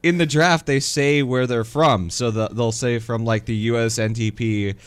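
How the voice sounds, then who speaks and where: A man's voice: mid-range voice, steady tone, normal speed, clear, resonant tone. A man co-hosting a casual sports podcast, talking in an easygoing way with many uh and um fillers. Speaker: podcast co-host. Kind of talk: casual chat.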